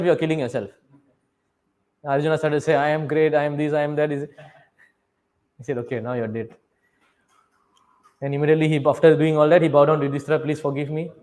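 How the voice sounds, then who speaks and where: A middle-aged man giving a sermon in slightly non-native English, telling stories, acting out the characters' lines and asking his listeners questions. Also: on the high side. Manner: animated storyteller, asks the audience questions, acts out quoted dialogue. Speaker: preacher giving a scripture class. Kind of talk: sermon, storytelling.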